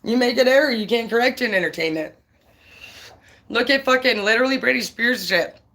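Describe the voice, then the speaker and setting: This is a tarot reader on a relaxed live stream, cursing constantly while ranting bluntly and hotly. The voice sits mid-range, fairly quick, with a pushed, bright quality, and the manner is profane and confrontational.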